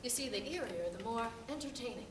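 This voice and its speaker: A scheming, wheedling male con man who haggles theatrically, played by a woman in a stage play. The high voice is picked up from far off. A noisy, echoey hall surrounds it. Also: lively intonation, a little fast, lightly acted. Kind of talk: amateur stage acting.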